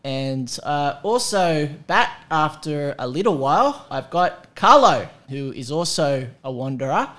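A man's voice: fairly high pitch, big pitch swings, unhurried, few pauses, a bit bright. A man hosting a podcast, chatting casually with wry humor and many fillers. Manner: rambling, filler-heavy, wry. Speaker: podcast host.

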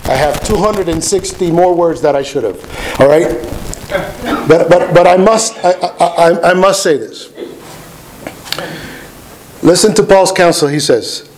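A man's voice: high-pitched, unhurried, long pauses, a little mellow, rough recording. A man preaching a sermon, earnest and emphatic, often restarting his words. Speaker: pastor.

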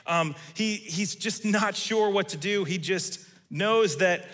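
Male preacher, casual sermon delivery, bright tone, big reverberant room. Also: high-pitched, takes it slowly. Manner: conversational, acts out quoted lines. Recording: reverberant hall.

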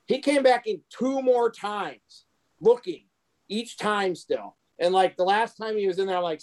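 A man's voice: high-pitched, lively intonation, measured pace. A man co-hosting a podcast, telling a sarcastic, mocking story about a rude customer. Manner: sarcastic, mocking retail-job anecdote. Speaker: podcast co-host. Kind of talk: casual storytelling.

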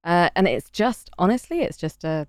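A woman co-hosting a podcast, asking questions and joking in quick banter. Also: fairly low pitch, expressive, no room sound, clean studio sound. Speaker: podcast co-host. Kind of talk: casual podcast chat.

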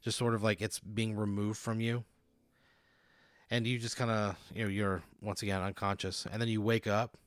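A man's voice: lowish voice, little pitch movement, moderate pace, no echo. A man hosting a podcast, casually narrating a made-up scenario to his guest, laid-back and chuckling as he sets each scene. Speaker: podcast host narrating a hypothetical. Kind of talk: casual improvised storytelling.

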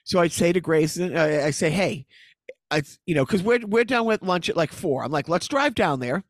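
A middle-aged man with a high, light voice tells a long story in casual conversation. He laughs often and slips into lively quoted voices. The sound is close and dry. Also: normal speed, no room sound. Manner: animated, laughing, acts out quotes. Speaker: comedian.

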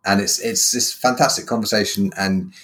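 A man hosting a podcast interview, thoughtful and anecdotal, telling stories with frequent pauses and fillers. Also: lowish voice, steady tone, fairly bright tone. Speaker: podcast host. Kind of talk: casual interview chat.

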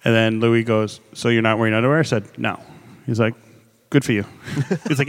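A man's voice: mid-range voice, fairly even intonation, a little fast, long reverb tail. A man co-hosting a casual podcast, joking around, swearing and telling anecdotes. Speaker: podcast co-host. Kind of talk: casual banter.

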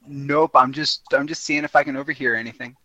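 A man's voice: medium pitch, fairly even intonation, fairly quick, sharp tone, no echo, low-quality recording. A man playing a tabletop game, talking casually in a laid-back, joking way. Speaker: player.

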